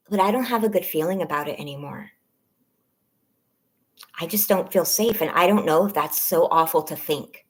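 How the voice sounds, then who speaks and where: A woman in her thirties with a somewhat low voice talks on a personal live stream. She speaks haltingly, her voice shaky and close to tears. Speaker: vlogger on a members-only live stream.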